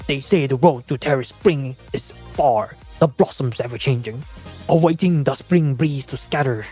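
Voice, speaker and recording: A streamer voicing a grand, solemn narrator of game lore, declaiming slowly with a put-on accent, over faint background music. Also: medium pitch, animated, a little mellow, close to an everyday voice. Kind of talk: dramatic reading of in-game text.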